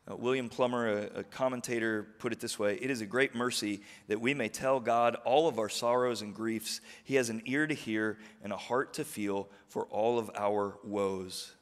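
Man preaching in a reverberant church. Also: fairly low pitch. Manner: earnest preaching, swings from quiet reflection to rousing calls to the congregation. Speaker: pastor. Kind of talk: sermon. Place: church sanctuary. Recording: long hall reverb of a church.

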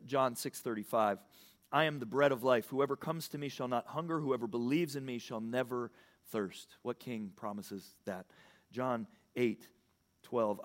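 Halting, earnest male pastor preaching. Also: medium pitch. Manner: earnest, halting with many restarts. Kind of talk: sermon.

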